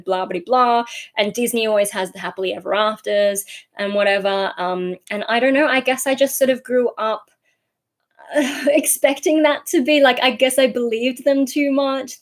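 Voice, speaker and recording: A chatty woman with a Sydney Australian accent, talking loosely through viewer comments on a livestream. Her voice sits at a medium pitch, and she wanders from point to point, padding her sentences with ums and likes. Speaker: streamer answering chat. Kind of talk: casual livestream chat.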